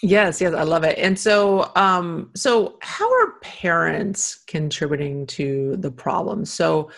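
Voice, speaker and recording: A middle-aged woman with a very low voice hosts a podcast interview. She talks in a chatty, warm way, filling her sentences with little fillers as she asks questions. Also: slow, creaky. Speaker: podcast host. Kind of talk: casual interview chat.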